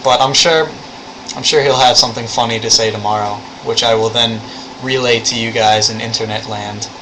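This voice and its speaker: Give me a young man chatting casually in a video diary, mid pitch, with an air conditioner humming behind. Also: fairly even intonation, moderate pace, noisy background. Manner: rambling, swears casually. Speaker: vlogger.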